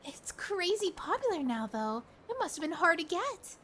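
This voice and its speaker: A woman voicing an excitable young girlfriend, gushing and highly emotional. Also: moderate pace, a little hiss or hum, exaggerated voice.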